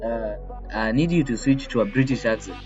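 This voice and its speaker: A man's voice: medium pitch, a little fast, a little mellow, breathy edge, lo-fi sound, soft background music. A young man chatting casually with his voice assistant, hesitant and rambling with lots of fillers. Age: young adult. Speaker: tech video creator.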